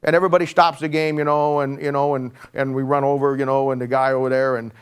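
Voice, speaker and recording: A man's voice: mid-range voice, flat delivery, quick pace, clear, resonant tone. A man in his sixties giving a conversational sermon, joking and rambling through stories with frequent restarts. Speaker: preacher.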